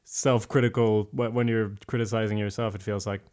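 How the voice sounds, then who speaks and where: A man hosting a casual podcast chat, dry and rambling, with halting restarts. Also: lowish voice, flat delivery, a little mellow. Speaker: podcast host.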